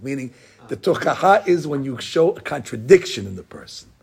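A man teaching a Talmud class in an animated, repetitive way, dropping Hebrew and Aramaic terms into his speech. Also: medium pitch, fairly quick, vocal fry, slightly rough. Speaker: Torah teacher.

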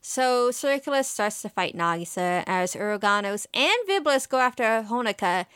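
A woman with an expressive, mid-range voice and a fairly bright, clean tone co-hosts a casual podcast, talking at normal speed. Emotional and chatty, she walks through an anime episode, scattering fillers and quoting lines. Studio-quality recording, no echo.

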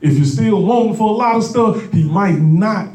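A man preaching a sermon in a folksy, repetitive style that builds to shouted exhortation, in a church sanctuary. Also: high voice, normal speed. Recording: echoey room picked up from a distance.

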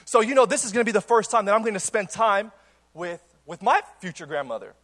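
A young adult man, a pastor, telling a playful story in a sermon to a church congregation, energetic and full of quick restarts. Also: high-pitched. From Cuban. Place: church auditorium before a congregation.

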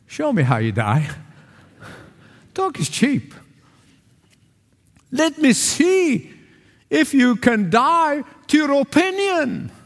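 A man's voice: very high-pitched, long reverb tail. A male pastor from the Arab world preaching a sermon with an emphatic, repetitive cadence.

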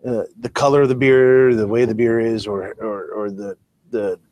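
A man's voice: fairly low pitch, steady tone, moderate pace, a little mellow, dry recording. A man co-hosting a casual podcast, explaining things with everyday comparisons and a loose, self-deprecating manner. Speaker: podcast co-host. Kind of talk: casual chat.

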